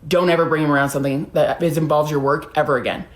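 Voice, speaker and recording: A woman voicing a calm male manager who gives steady, firm advice. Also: sits low, fast, pitched below the performer's own voice, close to an everyday voice. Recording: roomy echo.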